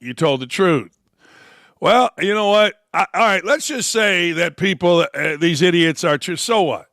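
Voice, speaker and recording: A man's voice: high voice, expressive, a little slow, a bit bright, no room sound, studio quality. A man hosting a sports talk show, giving blunt, sarcastic and mocking opinion commentary.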